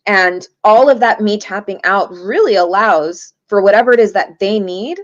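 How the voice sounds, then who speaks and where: A woman speaks as a guest in an interview, telling her stories at a mid pitch. She brings the people in them to life by doing their voices. The audio is muffled and lo-fi, like a video call. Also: normal speed, no echo. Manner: lively, acts out quoted voices. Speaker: guest, shaman and tarot reader. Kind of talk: interview storytelling. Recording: dull lo-fi audio.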